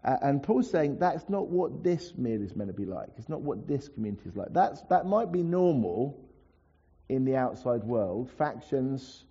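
Man, pastor, conversational sermon, husky, dull lo-fi church recording. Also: medium pitch, sing-song, normal speed, warm tone. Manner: conversational, with asides to the congregation.

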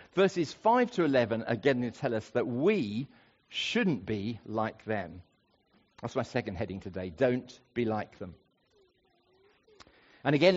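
Guy preaching, voice swoops up and down, bit muffled recording. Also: mid-range voice. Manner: expressive, rising for emphasis and slowing on key phrases. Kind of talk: sermon. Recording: dull lo-fi recording.

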